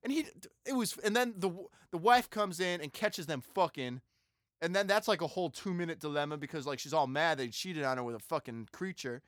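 A man's voice: on the high side, animated, a little fast, a bit bright, dry recording, studio quality. A young man casually retelling a movie plot, rambling and profane, acting out the characters as he goes. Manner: rambling, profane, acts out characters mid-story. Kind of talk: casual crude movie recap.

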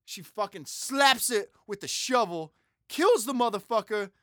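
A man's voice: high voice, lively intonation, a little slow, a bit bright, no echo, studio quality. A young man casually retelling a movie plot, rambling and profane, acting out the characters as he goes. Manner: rambling, profane, acts out characters mid-story. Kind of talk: casual crude movie recap.

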